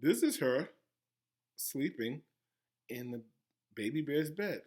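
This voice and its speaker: A school principal reads a children's story aloud with theatrical gasps and teacherly asides for young pupils. His voice swoops and dances through a lively range at a middling pitch, a man keeping a young audience hooked. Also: slow, long pauses. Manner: animated, gasping, teacherly asides.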